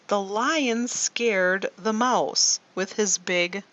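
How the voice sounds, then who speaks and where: A woman leading a guided story meditation for children, slow and soothing, often asking the listener questions. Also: medium pitch, lively intonation, fairly bright tone. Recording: dull lo-fi recording.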